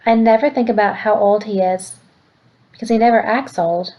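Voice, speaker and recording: Teacher lady reading a book out loud, steady plain voice, mid pitch. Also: moderate pace, lo-fi sound. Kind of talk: reading a novel aloud.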